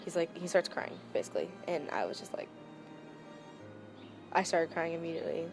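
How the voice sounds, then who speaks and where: A woman in a documentary interview, softly and haltingly recalling the death of a close friend. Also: low voice, sing-song, music in the background. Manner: soft, reflective, halting with many "like"s. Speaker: friend of the deceased. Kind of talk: documentary interview, recounting a loss.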